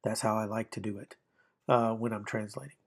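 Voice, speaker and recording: A man's voice: fairly low pitch, fairly even intonation, fairly quick. A man teaching a recorded online grammar lesson, explaining step by step and often repeating or rephrasing himself.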